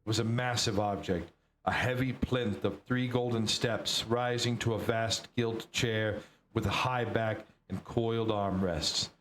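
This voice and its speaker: A man streaming, reading a novel aloud with a steady delivery and the odd slip. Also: lowish voice, a little slow. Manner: steady read-aloud with occasional slips. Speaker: book reader streamer. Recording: roomy echo, faint noise.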